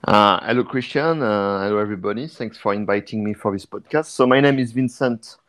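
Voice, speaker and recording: A man speaks in a somewhat low voice, pausing often with "uh" between phrases. He talks as a guest on a podcast, and the sound comes through a video call. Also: a bit bright. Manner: hesitant, with frequent "uh" fillers. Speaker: guest, degrowth activist and researcher. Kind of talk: casual podcast interview.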